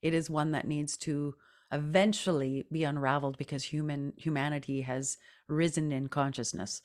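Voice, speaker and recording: Low-voiced woman guest, earnest. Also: fairly even intonation, moderate pace, darkish tone. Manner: earnest, reflective, laughs often. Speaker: podcast guest, singer. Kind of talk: casual interview talk.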